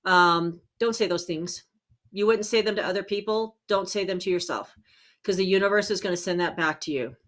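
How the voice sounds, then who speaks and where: A woman's voice: medium pitch, moderate pace, a bit bright. Earnest woman giving spiritual advice. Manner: earnest, encouraging, talks to viewers directly; searches for words aloud with fillers. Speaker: spiritual healing host. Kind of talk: casual self-help talk.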